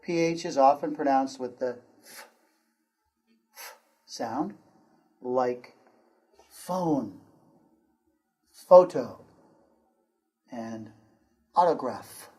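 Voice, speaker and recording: An American man teaches English pronunciation at a very slow, deliberate pace. He says each word carefully and repeats it for learners to copy. His voice sits at an ordinary middle pitch. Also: darkish tone. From United States. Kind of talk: pronunciation lesson.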